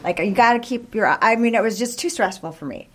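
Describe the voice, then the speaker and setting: A woman's voice: fairly high pitch, brisk, fairly bright tone. A middle-aged woman from the Kansas City area co-hosting a casual local chat show, talkative and joking, rambling through her stories. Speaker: co-host.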